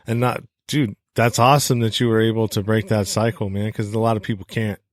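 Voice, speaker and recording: A man's voice: on the low side, flat delivery, fairly quick. A man hosting a podcast, chatting casually and supportively, with some stammering. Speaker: podcast host. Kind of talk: casual interview chat.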